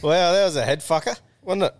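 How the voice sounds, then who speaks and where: A man's voice: on the high side, brisk, no echo. An Australian man hosting a podcast, bantering crudely with lots of swearing and laughter. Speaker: podcast host. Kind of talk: casual podcast chat.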